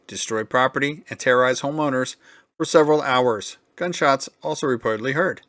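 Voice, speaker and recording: Male reaction host, sarcastic mutterer, mid pitch, dry mic. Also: a bit bright, no room sound. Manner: sarcastic, muttering asides, swears freely. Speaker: commentary channel host. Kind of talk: casual reaction commentary.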